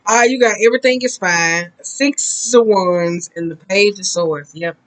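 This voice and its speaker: A woman's voice: mid-range voice, rough recording. A woman giving a casual tarot card reading, talking bluntly and profanely in a chatty, rambling way. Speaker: tarot reader.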